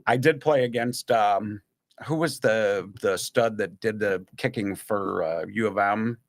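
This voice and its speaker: A man's voice: fairly low pitch, measured pace. A man chatting on a podcast, telling long stories and acting out other people's voices along the way. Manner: animated storyteller who acts out other people's voices. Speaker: podcast guest or host recalling stories. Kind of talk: casual podcast chat, storytelling.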